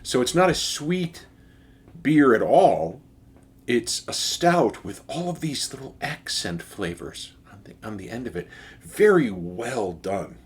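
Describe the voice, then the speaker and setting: Guy reviewing a beer on his vlog, kinda husky voice, lots of uhs and restarts. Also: mid-range voice, very animated, slow pace. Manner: enthusiastic, with frequent fillers and restarts. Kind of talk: casual tasting review.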